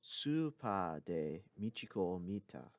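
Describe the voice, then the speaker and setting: A man explains a lesson in clear, patient steps, his fairly low voice rising and falling with plenty of movement. The sound is close and dry, with no room around it. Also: sing-song, slow, no room sound. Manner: clear explanatory teaching with occasional asides. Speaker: language teacher. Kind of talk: recorded language lesson.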